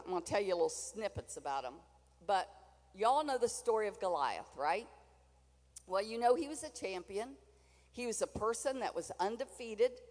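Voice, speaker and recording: A woman's voice: mid-range voice, darkish tone. Older lady preaching, folksy and chatty, long echo like a church hall. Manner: folksy, chatty, with asides to the congregation. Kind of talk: sermon.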